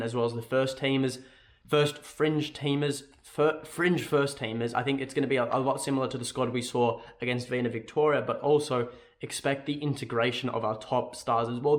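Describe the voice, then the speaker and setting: A young man with an Australian accent talks through his football opinions in a loose, casual vlog. He wanders, restarts his sentences and keeps checking in with a quick "right?". His pitch sits in an ordinary middle range for a man. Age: young adult. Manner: rambling, self-correcting, keeps asking "right?". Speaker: football fan vlogger.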